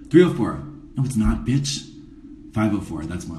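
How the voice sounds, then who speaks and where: Campy drag performer, male, low and lively, wry rambling delivery, recorded on a phone in a roomy space. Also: normal speed, distant mic, noisy background. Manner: campy, sarcastic, rambling asides. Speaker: drag performer doing a makeup tutorial. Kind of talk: casual live-stream chat. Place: dressing room before a show. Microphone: phone camera, a bit away.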